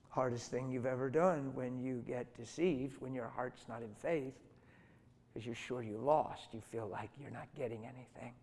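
Man, middle-aged, preacher, sermon, expressive storytelling, mid-pitched voice, long hall reverb. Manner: animated storytelling, acts out voices.

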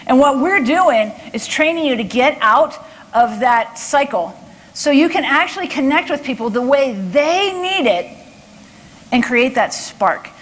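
A woman from Texas speaks to a conference crowd in a bright, high voice. She is chatty and lively, stopping often to check in with "okay?" and "right?". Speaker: body language speaker. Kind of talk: conference talk with audience questions.

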